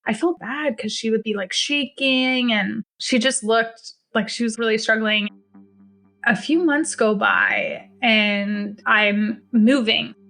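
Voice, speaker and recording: A woman appears as a podcast guest, telling her own story in the first person, bluntly and with profanity, acting out the dialogue with emphasis. Her voice is on the high side, creaky, pushed and bright, with fairly even intonation and a slow pace, over soft background music.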